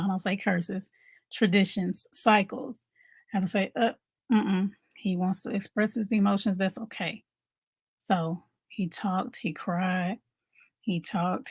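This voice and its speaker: A woman's voice: medium pitch, dry recording. A woman giving a motivational talk as a mom coach, conversational, repeating her points and asking viewers questions.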